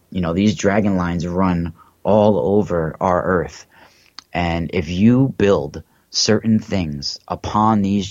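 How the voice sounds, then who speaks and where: Deep-voiced man rambling on a livestream. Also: darkish tone, no echo, highs cut off. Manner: rambling, hesitant, many fillers and restarts. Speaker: livestream host. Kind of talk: casual livestream monologue.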